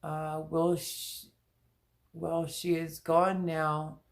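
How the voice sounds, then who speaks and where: Her voice is deep and gravelly, very slow, with a flat delivery. She's a middle-aged woman hosting a casual home livestream in an echoey room, candid and emotional as she rambles and repeats herself.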